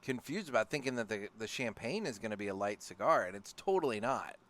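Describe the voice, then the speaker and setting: A man co-hosting a podcast, talking in a relaxed, rambling way while he asks questions and reviews a cigar. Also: mid-range voice, fast. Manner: relaxed, rambling, with filler and restarts. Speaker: podcast co-host. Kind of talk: casual podcast chat. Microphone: studio podcast mic.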